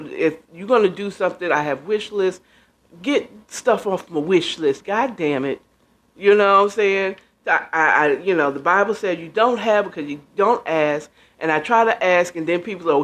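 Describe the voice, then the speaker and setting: A woman's voice: fairly low pitch, normal speed, a bit bright. A woman in her fifties hosting a podcast, ranting casually, tired and emotional, with frequent swearing. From United States. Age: 50s. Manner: venting, profane, tired and emotional. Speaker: podcast host. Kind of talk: casual livestream rant.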